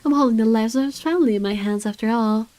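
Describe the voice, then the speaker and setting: A woman's voice: on the high side, quick pace, darkish tone, dry recording, close to an everyday voice. A woman reading a visual novel aloud as an irritable wealthy man with guards, in dry, sardonic first-person narration. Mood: wary.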